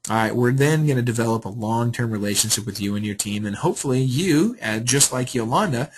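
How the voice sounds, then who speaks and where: A man's voice: mid-range voice, lively intonation, brisk, husky, low-quality recording. A man hosting a live webinar Q&A, upbeat and salesy, reading out viewer questions and answering them. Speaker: webinar host.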